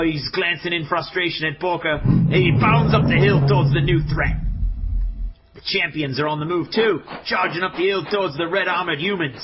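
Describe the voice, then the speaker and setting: High-voiced excitable man calling the action. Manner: excitable, exclamatory, swings between hushed and shouting. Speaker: podcast host. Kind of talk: dramatic play-by-play commentary. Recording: dull lo-fi audio with loud music.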